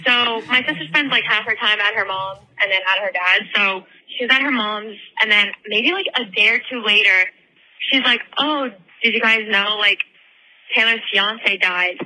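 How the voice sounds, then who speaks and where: This woman, a podcast host on a headphone microphone, has a medium-pitched, sharp-toned voice at normal speed. She tells a story casually, cursing nonstop and rambling through lots of fillers, and the recording is rough.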